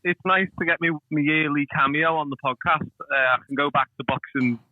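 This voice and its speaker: A man with a Scouse accent, a podcast guest joining over a call, halting and cheeky. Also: a little high, phone-quality sound. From Liverpool, England. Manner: halting, cheeky, restarts often.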